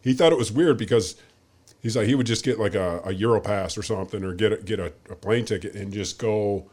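A man hosting a podcast talks in a relaxed, easygoing way. His voice sits on the low side, and he nods along with short replies before telling a story of his own. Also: a little fast. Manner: easygoing, frequent short agreements and laughs. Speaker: podcast host. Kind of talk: casual chat.

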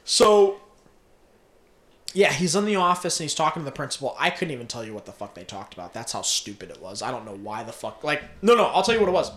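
A man's voice: medium pitch, quick pace. A young man casually retelling a film plot, swearing freely and laughing often. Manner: profane, laughing, animated storytelling. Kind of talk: casual movie recap. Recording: roomy echo.

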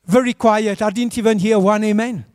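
A man's voice: sits high, steady tone, normal speed, a little mellow, no room sound, clean studio sound. A man preaching a sermon as a pastor in a church, urging the congregation to answer back. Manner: urges the congregation to respond.

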